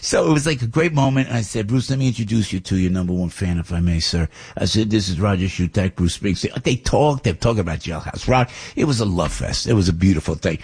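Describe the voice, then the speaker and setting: Gravelly New Jersey radio host, rambling. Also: male voice, lowish voice, fast, few pauses. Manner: rambling storytelling, animated, many restarts. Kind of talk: morning radio monologue.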